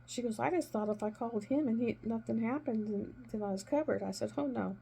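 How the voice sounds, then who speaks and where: A middle-aged woman and former nurse chatting casually while she crafts, retelling conversations with emphatic, animated delivery. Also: on the high side, brisk, vocal fry, slight background noise.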